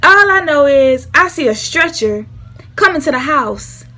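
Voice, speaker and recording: A woman's voice: high-pitched, lively intonation, measured pace, pushed and bright. A young woman telling a casual storytime vlog, acting out the voices of the people she quotes. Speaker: vlogger.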